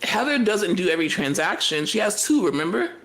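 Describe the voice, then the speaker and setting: Animated, profane woman co-host. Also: medium pitch, a little fast, poor audio. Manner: animated, profane, tells story in bursts. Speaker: podcast co-host. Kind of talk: casual recap chat.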